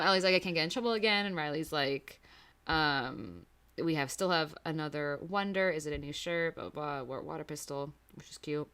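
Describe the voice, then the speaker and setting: A woman's voice: sits low, a bit bright. A young woman co-hosting a podcast, recapping a TV episode in casual chat, giggly and rambling with lots of fillers. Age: young adult. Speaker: podcast co-host.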